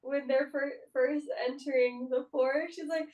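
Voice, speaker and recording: A woman co-hosting a casual movie discussion podcast, giggly and quick to laugh. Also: high voice, steady tone, darkish tone. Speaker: podcast co-host.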